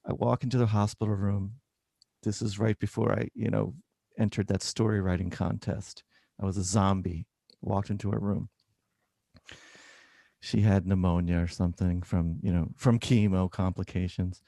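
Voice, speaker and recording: Brief: low-voiced man, a doctor animatedly telling a story, dry recording. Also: normal speed, gravelly, dry recording. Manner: animated storyteller, acts out dialogue. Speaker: oncologist, guest. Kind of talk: personal storytelling in an interview.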